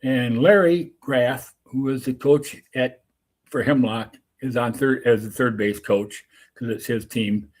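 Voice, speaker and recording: A man who works as a softball umpire, telling a rambling anecdote full of restarts and asides. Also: medium pitch, fairly even intonation, a little slow. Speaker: softball umpire and show host. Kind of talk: casual storytelling.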